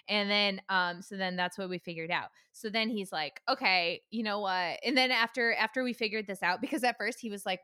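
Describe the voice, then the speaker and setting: A woman's voice: mid-range voice, a little fast, few pauses, sharp tone, smooth, no room sound, studio quality. A young woman in casual chat, animatedly retelling a frustrating story with quoted dialogue, swearing and laughing.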